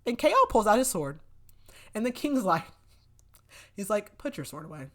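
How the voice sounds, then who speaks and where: A young adult woman hosting a podcast retells a book's plot casually and chattily, with plenty of "like" and loosely acted quotes. Her medium-pitched voice swings widely in pitch at a moderate pace.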